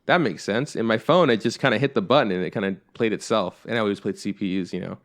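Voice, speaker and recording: A man's voice: on the low side, fast talker. A young man co-hosting a podcast, chatting casually in a rambling way with plenty of fillers. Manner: rambling, heavy on fillers like "like" and "you know". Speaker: podcast co-host. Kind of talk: casual chat.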